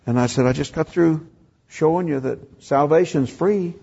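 A man's voice: a little high, moderate pace, gravelly, dark tone, husky, muffled recording. An older man preaching a sermon, telling a story and acting out the dialogue. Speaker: pastor.

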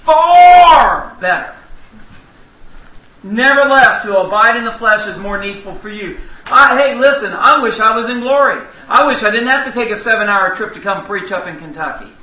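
High-voiced preacher in an echoey church. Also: male voice, a little fast, few pauses, pushed and bright. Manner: folksy storytelling with audience asides. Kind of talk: sermon. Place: church sanctuary. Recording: roomy, distant, muffled church recording.

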